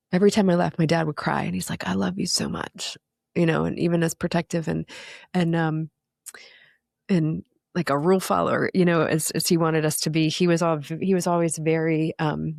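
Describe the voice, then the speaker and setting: A middle-aged woman talks candidly as a podcast guest, earnest and reflective, with lots of fillers. Her voice has a gravelly fry to it and sits at an ordinary pitch. The sound is close and dry. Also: a little mellow, no echo. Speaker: podcast guest, recovery coach. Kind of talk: candid conversational interview.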